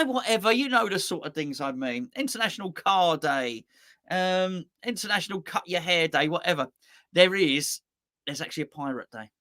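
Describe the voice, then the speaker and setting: A man's voice: sits high, pushed and bright, no echo, clean studio sound. Rambling man with a sore throat. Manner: rambling, jokey and self-mocking, with many restarts. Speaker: football fan channel host. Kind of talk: casual live chat.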